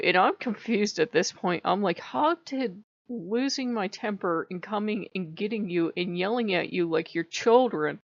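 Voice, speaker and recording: A woman talking to camera at home as a Wiccan vlogger, telling a story in a casual, animated way and laughing often. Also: medium pitch, moderate pace, creaky, no echo. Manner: animated, laughs often, voices her own quoted outbursts. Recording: dull, dry lo-fi sound.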